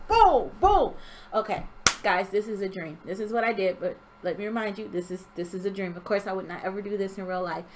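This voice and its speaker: A young woman telling a story from her dream in an animated, expressive way, acting out sounds. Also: mid-range voice, a little hiss or hum. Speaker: vlogger. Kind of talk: storytelling vlog.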